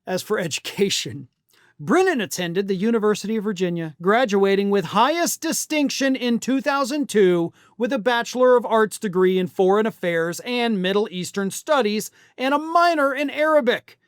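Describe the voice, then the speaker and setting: A man's voice: high-pitched, lively intonation, normal speed, clear, resonant tone, no room sound, studio quality. Blunt, sarcastic male political commentator. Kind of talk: opinion commentary monologue.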